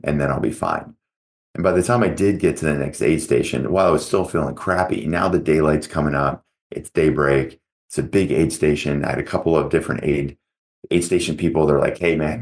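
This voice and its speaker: A middle-aged man with a very deep, gravelly voice talks through his own stories in a relaxed motivational chat. He rambles, with plenty of "like" and "you know" along the way. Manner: conversational storytelling with many fillers. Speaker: podcast host. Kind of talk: casual motivational talk.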